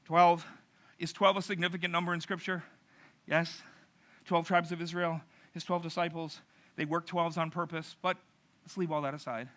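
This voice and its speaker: A middle-aged male pastor preaching a narrative sermon, telling stories with animated, acted-out voices. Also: a little high.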